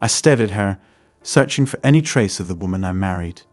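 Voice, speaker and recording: A man telling a first-person story in a measured, scripted narration. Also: low voice, lively intonation, no echo, faint music behind.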